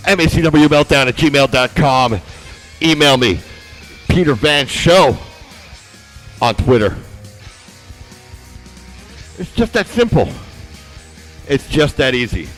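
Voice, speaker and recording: A man's voice: medium pitch, a little slow, pauses often, a bit bright, soft background music. A man hosting a wrestling podcast, hyped up, playful and sarcastic as he chats to his listeners. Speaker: podcast host. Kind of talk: casual wrestling podcast chat.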